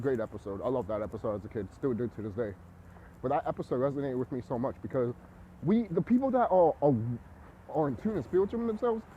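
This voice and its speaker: A man with a high voice vlogs in an agitated, preachy monologue. He swears freely and keeps repeating himself. His pitch leaps around with lively swings. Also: dull audio, slight background noise. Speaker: vlogger. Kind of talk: ranting monologue to camera.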